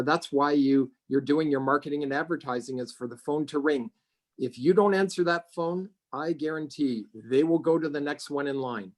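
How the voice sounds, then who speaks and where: A middle-aged Canadian realtor, interviewed as a guest, tells stories conversationally and acts out quoted voices with big leaps in pitch.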